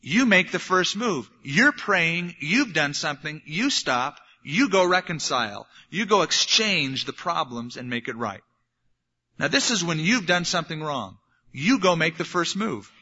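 A man preaching from the pulpit, voice bright and a touch high. He tells stories and acts out little scenes to make his point. The recording sounds dull and lo-fi. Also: unhurried, big-room sound. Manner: animated storytelling, acting out little scenes. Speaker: pastor. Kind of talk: sermon.

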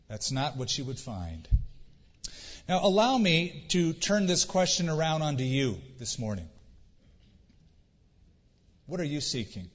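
A man's voice: a little high, very animated, husky. Earnest male pastor preaching in a church. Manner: earnest preaching with dramatic pauses and rhetorical questions. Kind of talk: sermon. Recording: dull recording with long church reverb.

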